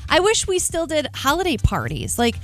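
Animated woman co-hosting morning radio. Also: sits high, normal speed. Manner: animated, laughs often while telling stories. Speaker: radio show co-host. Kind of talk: casual morning radio chat.

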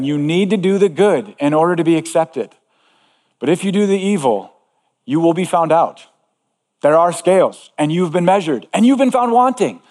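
A man's voice: fairly high pitch, darkish tone, big-room sound. A man preaching a sermon as pastor, earnest and emphatic, repeating key phrases.

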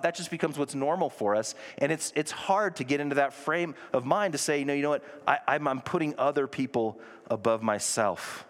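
A man preaching a conversational sermon to a congregation, with self-deprecating asides. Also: mid-range voice. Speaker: pastor. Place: church sanctuary. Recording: long reverb of a large hall.

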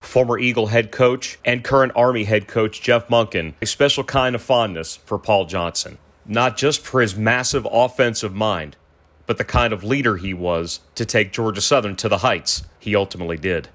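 A man's voice: fairly low pitch, normal speed, fairly bright tone. Man narrating a sports tribute. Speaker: sports host. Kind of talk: scripted narration.

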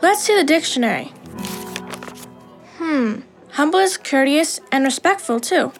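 A modest, helpful schoolgirl who speaks politely in a high voice. She is a character in a children's audio drama. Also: animated, measured pace, faint music behind. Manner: soft-spoken, polite.

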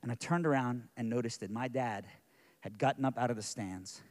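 A middle-aged man preaching a sermon, telling a personal story that moves from quiet, hushed moments to loud, intense passages. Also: medium pitch, brisk.

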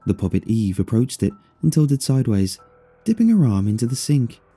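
A man narrating a first-person story in an expressive, dryly amused way. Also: mid-range voice, moderate pace, slightly rough, soft background music.

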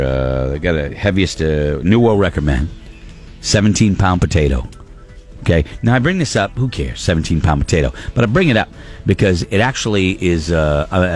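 A man hosting a radio show in casual banter, rambling and joking, often trailing off and restarting. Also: low voice.

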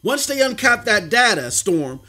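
A man's voice: sits high, sing-song, measured pace, sharp tone. A man co-hosting a gaming livestream, chatting casually in slang and telling stories. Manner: storytelling, slangy, affirms with mm-hmm.

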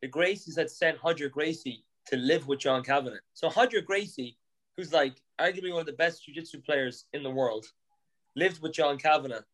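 A young Irish man from Ireland telling animated stories on a podcast, laughing, swearing and restarting his sentences. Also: on the high side, moderate pace. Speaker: podcast guest. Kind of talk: casual storytelling.

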